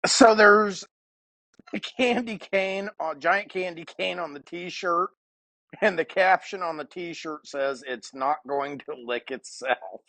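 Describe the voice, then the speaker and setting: A man's voice: high voice, takes it slowly, sharp tone, dry recording. A man co-hosting a casual podcast, reading a short caption aloud and giving brief replies. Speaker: podcast co-host.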